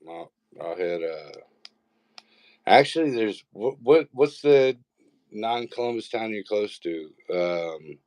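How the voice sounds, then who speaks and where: A man's voice: on the low side, expressive, slow pace, darkish tone, no echo. A man, a father in his thirties, chatting casually, an easygoing storyteller who swears. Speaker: co-host. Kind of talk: casual chat.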